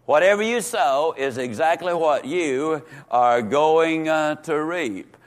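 Emphatic man teaching Sunday school. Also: a little high. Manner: emphatic, slows on key words, repeats for stress. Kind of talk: folksy Bible lesson.

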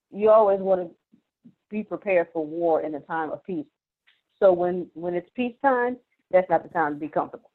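A woman speaks in a casual, emphatic way, pushing her listeners to keep going. Her voice comes through a thin, tinny phone line. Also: fairly low pitch. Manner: emphatic, coaching tone. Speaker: group call participant. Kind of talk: motivational casual talk.

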